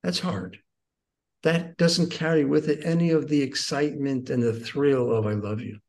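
A man in his sixties, a guest teacher, earnestly telling personal stories in conversation and moving between excited and hushed tones. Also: mid-range voice, normal speed.

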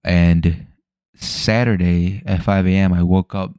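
A man's voice: low voice, steady tone, slow, darkish tone, smooth, no echo, studio quality. A young man rambling casually on his solo podcast at home, loose and full of swearing. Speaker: podcast host. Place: home room at night.

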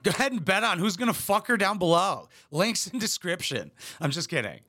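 An American commentary YouTuber rants through a crude comedy reaction, sarcastic, mocking, and full of profanity. His bright, edgy voice sits a bit high for a man and swoops widely in pitch as he ridicules what he's watching, and he talks fairly quickly.

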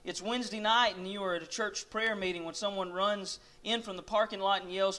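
A man's voice: high voice, fairly even intonation, fairly quick, sharp tone. A man preaching, telling a dramatic story in the second person to his listeners. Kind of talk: sermon storytelling.

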